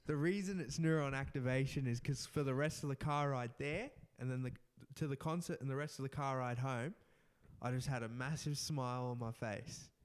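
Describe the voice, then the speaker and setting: A young man telling an animated story in casual podcast chat, often laughing and restarting his sentences. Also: medium pitch, moderate pace, clear, resonant tone. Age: young adult. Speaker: podcast co-host.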